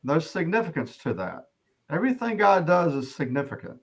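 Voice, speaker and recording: A middle-aged man tells his personal testimony as an interview guest, his voice sitting a little high for a man. He speaks earnestly, often pausing and restarting his sentences. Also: very animated, husky.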